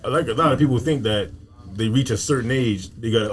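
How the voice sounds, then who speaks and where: A man's voice: mid-range voice, quick pace. A man, a comedian, talking emphatically with heavy slang and profanity in a casual podcast chat.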